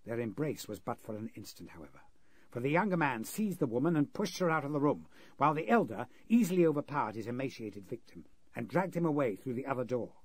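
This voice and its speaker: A man's voice: mid-range voice, sing-song, fast, no echo. A man playing an earnest male interpreter narrating a frightening ordeal in a 1930s radio drama. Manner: earnest, vivid storytelling.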